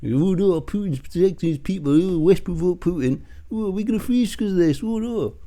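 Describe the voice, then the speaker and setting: Whiny sarcastic grown man, high and shrill, put on by a man. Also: brisk, dark tone, close to an everyday voice. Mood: mocking whine. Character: whiny mocking grown man, self-pitying.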